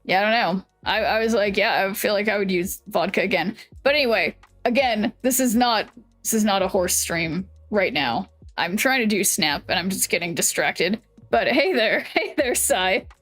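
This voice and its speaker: A woman streamer chatting casually with her viewers, rambling, restarting sentences, swearing and laughing often, her voice a little worn from yelling. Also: medium pitch, moderate pace, faint music behind. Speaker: live streamer.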